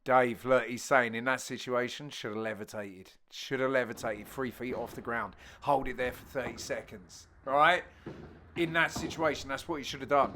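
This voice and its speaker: A middle-aged man giving a cheeky, joking voice-over on his own amateur padel match, with sudden loud exclamations. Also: mid-range voice, normal speed, a little hiss or hum. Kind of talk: jokey voice-over commentary on match highlights.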